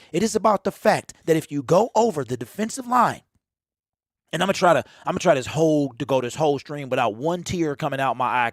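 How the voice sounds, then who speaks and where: A man's voice: fairly high pitch, dry recording, studio quality. Teasing forty-something man ranting to chat. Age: 40s. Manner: teasing, rambling, talks straight to chat. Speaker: host of a fan livestream. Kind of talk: casual livestream rant.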